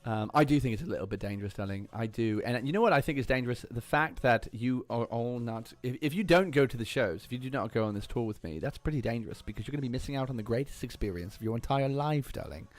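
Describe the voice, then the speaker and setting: A man's voice: medium pitch, expressive, fast talker, few pauses, close to an everyday voice. A man putting on a sassy, vain persona who drawls and keeps calling people darling. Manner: drawling, teasing, says darling often.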